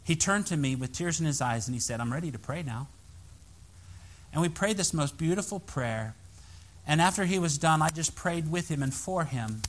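A male pastor preaching a sermon in a church, telling a story with animated, emphatic rises in his voice. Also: a little high, moderate pace, slight background noise.

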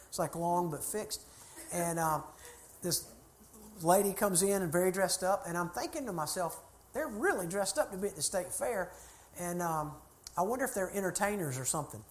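A man's voice: high-pitched, a little fast. A middle-aged man, a church consultant telling a folksy, chatty story to a group. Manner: folksy, chatty anecdotes with laughter.

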